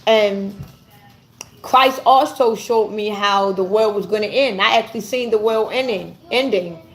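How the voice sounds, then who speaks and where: A woman giving an earnest personal testimony to camera, halting and often repeating her words as she searches for them. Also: medium pitch. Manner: earnest and intense. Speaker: vlogger.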